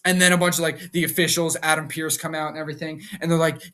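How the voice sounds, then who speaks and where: A young man casually recapping a wrestling show, rambling and repeating words, jumping up in pitch when he acts out quotes. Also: fairly even intonation, fast, hardly any pauses, bright, forceful tone. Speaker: wrestling reaction vlogger.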